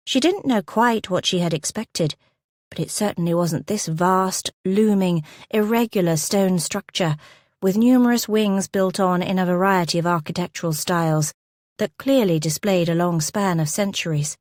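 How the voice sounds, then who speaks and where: A woman narrating a historical romance audiobook in a measured, descriptive way, close to a studio mic. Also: fairly low pitch, darkish tone, dry recording. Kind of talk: scripted narration.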